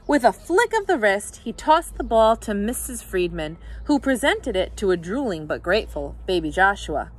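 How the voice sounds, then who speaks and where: A teacher reading a picture book aloud to children, her mid-pitched voice rising and falling with lively expression. She tells the story with animated, storybook flair. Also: normal speed, hardly any pauses, a little hiss or hum.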